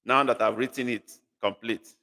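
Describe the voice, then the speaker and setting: A man's voice: medium pitch, steady tone, moderate pace, pushed and bright. A man teaching a live online language class, patiently repeating phrases and coaxing learners to guess. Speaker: language tutor. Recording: long reverb.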